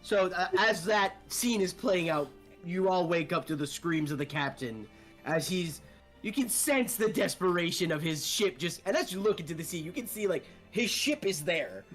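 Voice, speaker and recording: A man narrating a tabletop game as game master, relaxed with many fillers. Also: high-pitched, moderate pace, faint music behind.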